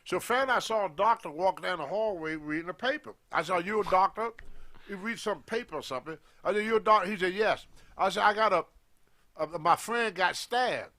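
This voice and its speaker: An older man and former pro wrestler telling a story in an animated way, acting out quoted voices with colloquial grammar. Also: high voice, a little fast.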